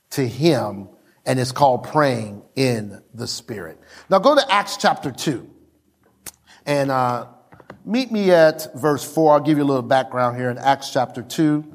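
High-voiced, unhurried male pastor preaching. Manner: preaching with exclamations, drawing out key words. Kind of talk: sermon. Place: church service.

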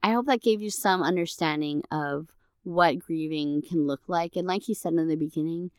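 A woman's voice: sits low, normal speed, smooth, dry recording, studio quality. A middle-aged woman therapist co-hosting a podcast, explaining things in a casual conversational way and often adding "right?".

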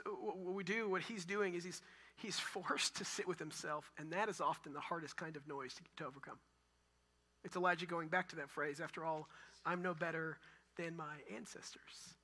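A young adult man preaching a sermon as pastor, with a Texan accent, animated, swinging from loud emphasis to near-whispers. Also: high-pitched.

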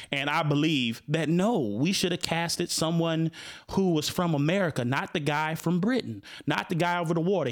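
A man's voice: fairly high pitch, fairly bright tone. A man with a Chicago accent hosting a casual talk show, speaking animatedly with frequent repeated words and restarts. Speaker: host.

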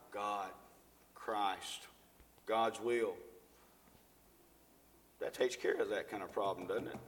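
Middle-aged man, mid-pitched, preaching live to a congregation with a loose, repetitive manner; the big hall rings behind him. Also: fairly bright tone. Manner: conversational, asks the audience questions and repeats himself. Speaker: lay preacher and school teacher. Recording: long reverb of a large hall.

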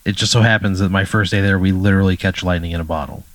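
A man's voice: sits low, steady tone, quick pace, no echo. A man chatting casually as a podcast guest, laid-back, with short replies and dry asides. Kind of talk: casual chat.

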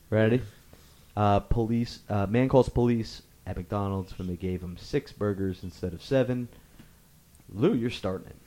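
A man hosting and judging a casual game among friends, upbeat and quick, often laughing. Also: fairly low pitch, warm tone. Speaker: game host and judge.

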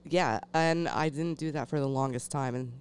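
Woman on a podcast, clear smooth voice, frank, laughs a lot. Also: very deep voice, moderate pace, a little mellow. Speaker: podcast co-host. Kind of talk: candid casual chat.

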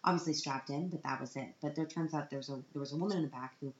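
Low-voiced woman, tearful and dramatic. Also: quick pace. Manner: dramatic, self-mocking, acts out quotes. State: tearful, on the verge of crying. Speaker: parent vlogger. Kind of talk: personal storytelling vlog. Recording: roomy, dull lo-fi sound.

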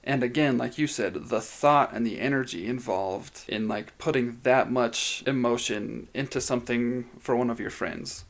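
Man, podcast co-host, casual chat, gravelly creaky voice, chatty storyteller. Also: mid-range voice, normal speed, hardly any pauses. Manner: chatty storyteller, says "like" often.

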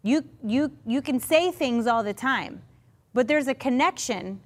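A woman preaching a sermon, her voice sitting a bit high. She talks in an unhurried, conversational way, with restarts, asides and little acted-out voices. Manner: conversational, animated, acts out quoted voices. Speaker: pastor.

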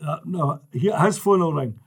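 A man's voice: on the high side, normal speed, vocal fry, breathy edge. An older Scottish man telling football stories in casual chat, laughing as he goes. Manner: lively storyteller who laughs through his tales.

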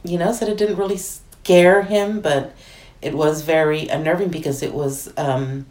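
A middle-aged woman talking casually, halting with frequent pauses. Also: low-pitched, steady tone, darkish tone, roomy sound. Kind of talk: casual conversation.

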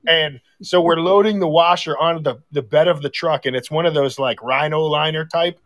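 A man's voice: fairly high pitch, fairly quick, fairly bright tone, dry recording. Dry-sounding man telling a profane anecdote. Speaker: podcast guest. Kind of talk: casual chat.

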